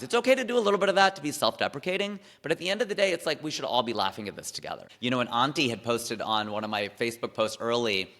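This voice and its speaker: A man, a comedian, chats in a casual interview, animated and full of quick asides. His voice is bright and forceful. It carries a long reverb, as in a large space. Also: medium pitch.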